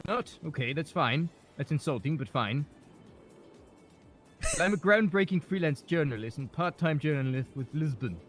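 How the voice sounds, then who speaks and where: A man's voice: a little high, animated, normal speed, fairly bright tone, soft background music. A man voicing a pompous, self-important freelance journalist in a game role-play, fussy and fond of repeating words.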